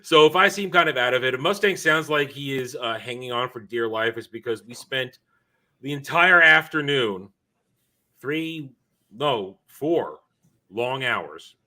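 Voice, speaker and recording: A man's voice: mid-range voice, animated, measured pace, pushed and bright. A tired man hosting his own live stream, chatting casually and rambling as he corrects himself.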